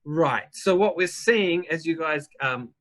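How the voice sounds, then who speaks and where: An upbeat man with a New Zealand accent runs a live online lesson, talking chattily to his viewers. His voice sits a little high and comes across bright and forceful. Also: animated, a little slow. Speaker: webinar host and business coach. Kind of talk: live webinar teaching.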